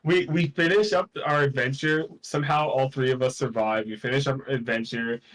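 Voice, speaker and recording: A man's voice: mid-range voice, fairly even intonation, moderate pace, a bit bright, poor audio. A man playing a tabletop game, rambling and joking in casual chat, swearing freely. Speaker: player.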